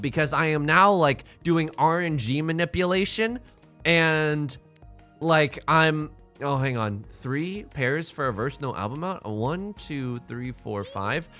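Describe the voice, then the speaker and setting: A man's voice: a little high, fairly bright tone. A young man streaming a mahjong game, rambling and joking in casual asides to his chat. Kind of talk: casual live-stream chatter while playing mahjong.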